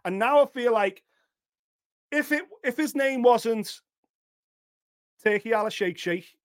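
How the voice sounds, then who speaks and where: A man hosting a fight podcast, talking casually in an animated storytelling way. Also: very high-pitched, slow. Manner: animated, lively storytelling with mock voices. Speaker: podcast host. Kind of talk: casual chat.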